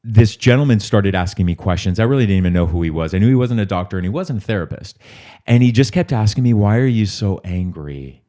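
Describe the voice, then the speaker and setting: A man hosts the interview in a low, mellow voice. He talks candidly and tells stories, acting out what other people said to him. He sounds relaxed and unhurried. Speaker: podcast host. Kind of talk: interview conversation.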